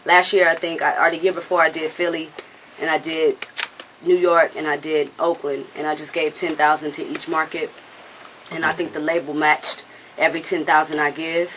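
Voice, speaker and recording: A singer gives a candid, casual interview in a low, fairly flat voice at normal speed with a slightly bright tone, over slight background noise on a rough recording. She speaks earnestly and bluntly, rambling and swearing now and then. She often checks in with the listener, frequently saying "you know what I'm saying."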